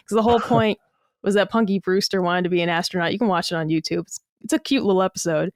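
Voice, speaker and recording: A woman talks on a podcast in a blunt, animated, unfiltered way and swears freely. Her voice is smooth and clear, recorded close and dry with no room sound. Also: mid-range voice, quick pace, hardly any pauses, no echo. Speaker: podcast guest. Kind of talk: casual podcast chat.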